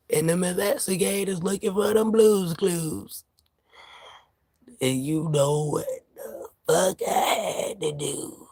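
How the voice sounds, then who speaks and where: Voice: medium pitch, slow, gravelly, darkish tone, husky, dry recording, studio quality. A vlogger from New York ranting to camera in casual, profane street slang, heated and laughing by turns.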